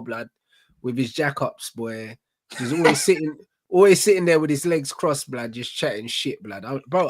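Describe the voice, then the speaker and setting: Animated man, dry close sound. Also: medium pitch, no room sound. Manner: animated, slangy, laughs often. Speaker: football podcast co-host. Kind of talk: casual banter.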